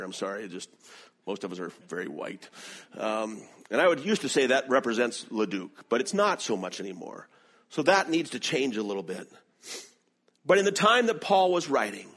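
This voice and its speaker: A middle-aged man from the American South with a Southern accent, preaching a sermon with animated storytelling. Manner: animated storytelling with lively swings in pitch. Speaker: pastor.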